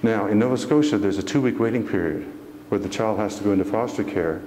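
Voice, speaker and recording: Guy giving a motivational talk in a church, kinda low voice, earnest, lots of hall echo. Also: fast talker, mellow, slight background noise. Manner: earnest, folksy, asks the audience questions. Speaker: motivational speaker. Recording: echoey hall from far off.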